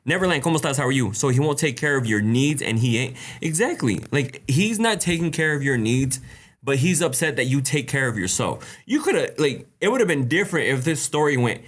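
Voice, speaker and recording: A man hosting a live stream Q&A, reading viewer questions aloud and answering them with blunt, animated advice, laughing often and greeting chatters by name. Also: fairly high pitch. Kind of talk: casual live-stream chat.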